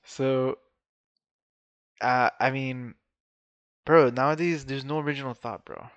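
A man's voice: mid-range voice, fairly even intonation, unhurried, a bit bright, clear, resonant tone, no echo. Bantering man, dry muffled sound. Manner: laughing, profane banter. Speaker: podcast co-host. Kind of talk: casual chat.

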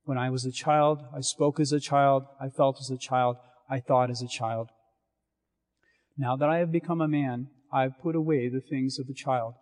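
A man serving as a priest, reading scripture and preaching in a measured, solemn cadence in a church. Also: mid-range voice, fairly even intonation, darkish tone. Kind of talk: liturgical reading and sermon. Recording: long reverb of a church.

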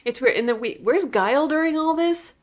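A woman's voice: high voice, expressive, brisk. A woman co-hosting a podcast, making incredulous, joking comments about a movie. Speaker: podcast co-host. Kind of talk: casual movie review chat.

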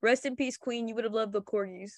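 A young woman co-hosting a podcast over a video call, teasing in a dry, deadpan way. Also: a little high, fairly quick. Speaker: podcast co-host. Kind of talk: casual chat.

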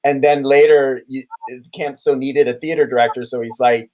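A man in his thirties, a camp theater director, telling stories in a podcast conversation, animated, with many restarts. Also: medium pitch, moderate pace, poor audio. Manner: animated storytelling with many restarts and acted quotes.

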